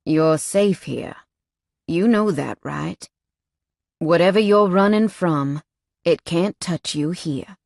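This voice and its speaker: A woman voicing a cocky, flirtatious male biker who teases with a slow drawl. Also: on the low side, creaky, a little mellow, no room sound, clean studio sound. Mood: reassuring. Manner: teasing drawl, calls her sugar.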